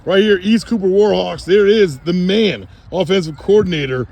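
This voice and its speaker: A man does casual, playful sideline interviews at an outdoor football practice, ribbing people and hyping them. His high voice is creaky with a darkish tone, and he keeps a moderate pace.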